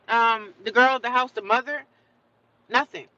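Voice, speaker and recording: A woman's voice: fairly high pitch, normal speed, bright, forceful tone, dull audio. A woman hosting a casual livestream, talking straight to her viewers, greeting them by name and often repeating herself as she goes. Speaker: livestream host.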